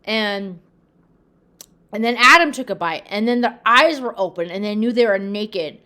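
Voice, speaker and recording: A religious video host talks casually to camera in a medium-pitched, animated voice with a sharp tone at normal speed. She earnestly retells Bible stories, calling her viewers "you guys," repeating herself, restarting often, using fillers and acting out quoted lines.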